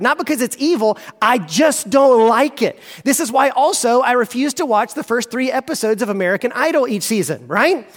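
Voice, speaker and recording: A middle-aged male pastor preaching a sermon in a church, conversational and animated, with frequent rhetorical questions to the congregation. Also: sits high, big-room sound. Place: church sanctuary.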